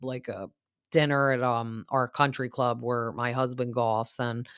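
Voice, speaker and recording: A woman's voice: very deep voice, level tone, measured pace, clean tone, dry recording, studio quality. A woman hosting a casual reality TV recap, gossipy and opinionated, with plenty of fillers. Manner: chatty, lots of fillers like "like" and "um".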